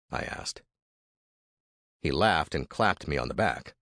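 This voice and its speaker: A man's voice: extremely low pitch, lively intonation, slow pace, a bit bright, dry recording, studio quality. A man reading a first-person historical story as narrator, with dramatic, vivid storytelling.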